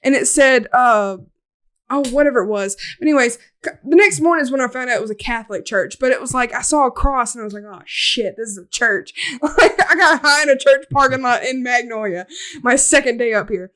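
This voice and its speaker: High-voiced young woman telling a wild story. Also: brisk. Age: young adult. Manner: animated, laughing, swearing, acting out voices. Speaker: podcast host. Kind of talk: casual storytelling chat.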